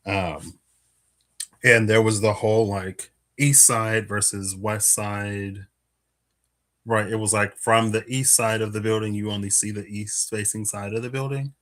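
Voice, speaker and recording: A man's voice: fairly low pitch, fairly even intonation, unhurried, fairly bright tone. A man giving a casual live card reading, musing aloud with many fillers and little laughs, a bit out of breath. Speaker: tarot and Lenormand card reader.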